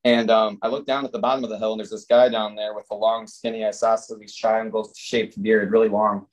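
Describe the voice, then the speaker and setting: A man's voice: lowish voice, flat delivery, no echo, poor audio. Man rambling through a long joke. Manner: meandering, drawn-out telling with many fillers. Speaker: defendant. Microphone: video call.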